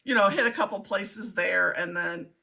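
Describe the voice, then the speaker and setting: A woman's voice: medium pitch, normal speed, vocal fry, sharp tone. A woman hosting a casual live-stream chat, rambling and chatty with frequent laughs. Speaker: livestream host.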